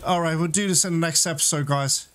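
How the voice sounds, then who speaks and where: A man talking through a video game session with a fairly high voice, quick to swear and laugh, and yelping when panicked. Game music plays clearly underneath him. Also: steady tone, a bit bright. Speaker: gamer playing a blind let's play. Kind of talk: casual gameplay commentary.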